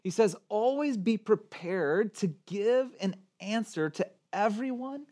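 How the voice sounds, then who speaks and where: A man with a slightly higher voice preaches to a livestreamed church service. He talks in a conversational, earnest way, full of fillers and restarts, and drops softer at serious points. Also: takes it slowly. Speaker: pastor. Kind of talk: livestreamed Easter sermon.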